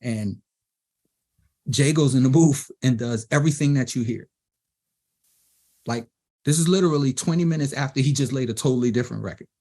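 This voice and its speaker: A middle-aged man from Brooklyn, telling animated stories as an interview guest and acting out the voices of others. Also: mid-range voice, brisk, long pauses. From Brooklyn, New York. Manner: animated storyteller who acts out quoted voices. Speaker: DJ and producer guest. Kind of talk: storytelling in a panel interview.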